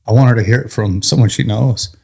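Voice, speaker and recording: A firefighter telling a story as a guest in an interview, animated, laughing through the funny parts and swearing casually. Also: male voice, fairly low pitch, a little fast, gravelly.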